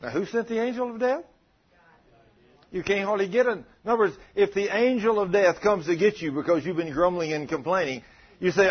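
Husky preacher, animated sermon. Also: male voice, sits high, a little fast, highs cut off. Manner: animated, calls out to the congregation and acts out prayers.

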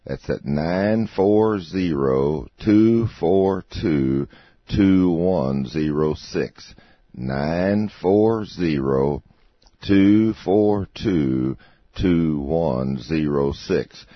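A man closing a program as announcer, reading the contact details slowly and deliberately. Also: low voice, dry recording, dull audio. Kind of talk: scripted program sign-off.

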